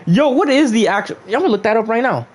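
A man's voice: extremely high pitch, animated, quick pace, slight background noise. A young man casually chatting on a gaming livestream, reading viewers' chat aloud and joking back at them.

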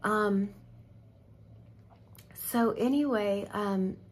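A woman's voice: mid-range voice, extremely slow. A middle-aged woman chatting casually while doing her makeup, telling an emotional story and dropping to a near whisper at tense moments. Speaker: makeup vlogger.

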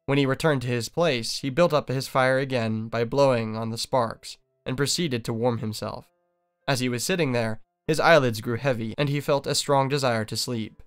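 Male audiobook narrator, steady fairy tale storytelling, resonant and clear, mid pitch. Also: normal speed, faint music behind.

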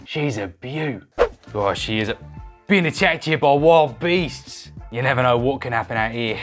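A woman doing a jokey impression of a bearded Australian male artist, with a put-on Australian accent and a deep, exaggerated drawl. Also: expressive, normal speed, over music. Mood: mock-serious. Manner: jokey bush-adventurer bravado.

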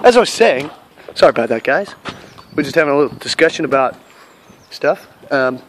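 A man's voice: on the high side, lively intonation, a little fast, a little hiss or hum. A man talking casually to camera in a vlog outdoors among friends, brash and full of swearing and mock bravado. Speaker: vlogger.

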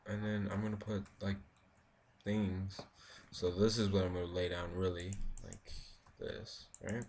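A man with a deep, gravelly voice narrates his building session in a loose, rambling way, thinking aloud as he goes. Soft clicking from his keyboard and mouse sits faintly behind him, with a light hiss. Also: little pitch movement, measured pace. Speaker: gaming video creator. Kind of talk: casual let's-play commentary.

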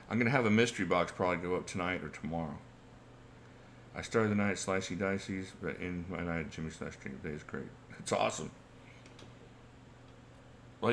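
A man's voice: lowish voice, a bit bright, a little hiss or hum. A man in his forties hosting a casual livestream Q&A, chatty, reading viewer questions aloud and chuckling often. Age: 40s. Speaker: channel host.

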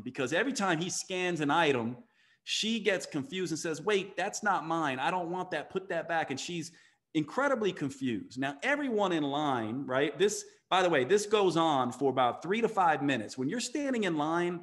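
This podcast guest, a physician and coach, has a slightly high, somewhat bright voice with big pitch swings and a moderate pace. He tells his story with emphasis in an interview setting, performing the quoted voices of the characters.

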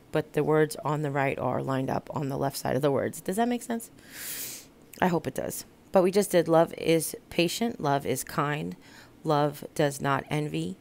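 A woman hosting a craft channel, talking through a do-it-yourself sign project step by step in a chatty, casual way with many pauses and fillers. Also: low-pitched. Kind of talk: casual craft tutorial voice-over.

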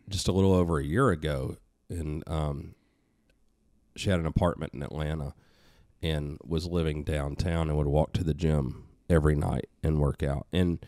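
A middle-aged man with a very deep voice tells a story in casual podcast talk. He is animated and swears freely, acting out other people's voices. The sound is dry and close to the mic. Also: no room sound. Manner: animated, profane, acts out quoted voices.

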